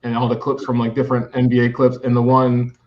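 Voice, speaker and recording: A man's voice: medium pitch, completely flat delivery, fast. A man from New Jersey, a podcast guest chatting casually and laughing often between his remarks. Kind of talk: casual chat. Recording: dull lo-fi audio.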